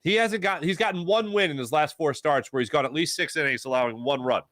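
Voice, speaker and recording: Jokey, animated man with a higher voice. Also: fast, no room sound, studio quality. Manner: animated, jokey, greets chatters with loud excitement. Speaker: sports talk show host. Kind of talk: live sports talk reading viewer chat.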